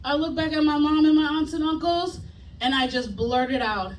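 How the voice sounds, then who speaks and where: A woman performing a stand-up comedy set, telling a profane story loudly and acting out the voices. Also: sits high, normal speed. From United States. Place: comedy club stage with live audience. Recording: echoey room, distant mic, loud crowd laughter. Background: audience laughing.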